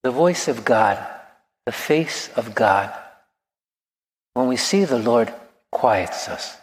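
A man around sixty, a priest, preaching a sermon in a gentle, reflective storytelling manner. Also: medium pitch, animated, slow. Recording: long reverb of a large hall.

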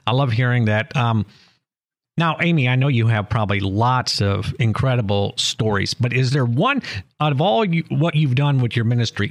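Affirming male interview host. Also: mid-range voice. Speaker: podcast host.

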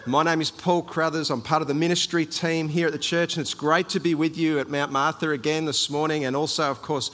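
A man's voice: fairly high pitch, fairly bright tone. A middle-aged man from a church ministry team, telling a chatty, anecdotal story as part of a sermon. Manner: chatty, anecdotal, repeats words. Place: church hall. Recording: long hall reverb.

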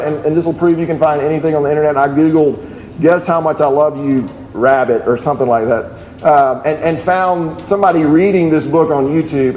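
A man's voice: on the high side, darkish tone, a little hiss or hum. A middle-aged man preaching a sermon, earnest and telling stories with many restarts. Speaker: pastor. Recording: echoey room with faint ambience.

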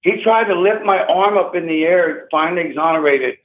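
An older man with a somewhat high voice speaks emphatically and with agitation, often repeating his words. He comes through a thin, tinny phone line with a hollow echo. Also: brisk. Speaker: interview guest. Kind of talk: emotional first-person account.

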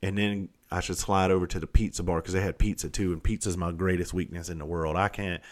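A man's voice: deep voice, fast talker. A man in his forties with a Southern US accent, telling a rambling, profane story in a casual monologue. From Southern United States. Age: 40s. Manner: profane, animated, rambling and self-interrupting. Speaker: vlogger.

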